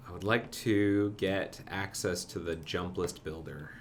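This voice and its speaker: Low-voiced man thinking aloud while coding. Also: fairly even intonation, a little slow, slight background noise. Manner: thinks aloud, mutters to himself. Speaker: live-coding streamer. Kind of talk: casual live-coding commentary.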